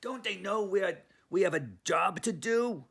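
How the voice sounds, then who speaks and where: A man's voice: high voice, measured pace, vocal fry, fairly bright tone, husky, voice pushed up, exaggerated voice. A man voicing a fussy little male Chihuahua, talking raised and whiny. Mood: wailing.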